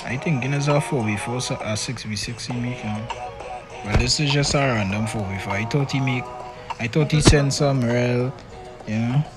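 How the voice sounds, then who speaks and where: A man live-streaming a game, chatting in an animated, teasing way and often tacking on "boy". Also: mid-range voice, normal speed. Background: music.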